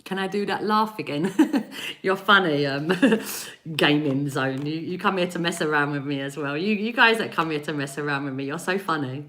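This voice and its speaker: Woman doing a live spiritual reading stream, animated and upbeat, laughs a lot, bright voice. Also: low voice, normal speed. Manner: animated and encouraging, laughs often; speaks directly to chat viewers. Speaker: energy healer giving live readings.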